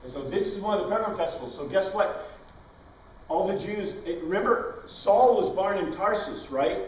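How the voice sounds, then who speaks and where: A man's voice: sits high, lively intonation, moderate pace, a little hiss or hum. A man teaching an informal Bible class, chatty, quizzing his students and wandering into tangents. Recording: dull, echoey room recording from far off.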